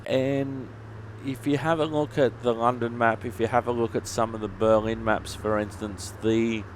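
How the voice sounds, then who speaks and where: A man's voice: medium pitch, flat delivery, moderate pace, a little hiss or hum. An Australian man hosting bus simulator gameplay, answering viewer questions with dry, joking humour. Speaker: YouTube gaming host.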